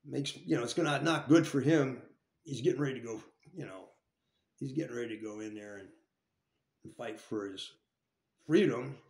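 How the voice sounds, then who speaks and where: Recorded in an echoey room, a man with a medium-pitched voice recounts a jail story at normal speed, pausing often. His telling is casual and profane, rambling with frequent restarts.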